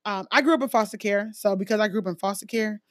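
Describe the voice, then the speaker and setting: An adult woman and mother with a mid-range voice talks fast on a dry recording that sounds close. Her American accent has roots in her Jamaican family from the Caribbean, and she shares personal stories in casual, conversational talk, using lots of fillers and animated emphasis.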